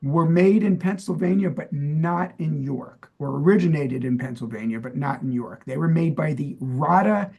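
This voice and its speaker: A middle-aged man from New Jersey co-hosts a casual podcast, quizzing his partner in a rambling, friendly way. His voice sits fairly high for a man, with a gravelly edge and a husky texture. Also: moderate pace, hardly any pauses, muffled recording. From New Jersey, USA. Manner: chatty, meandering, quizzing with fillers. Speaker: podcast co-host. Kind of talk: casual chat, trivia quiz.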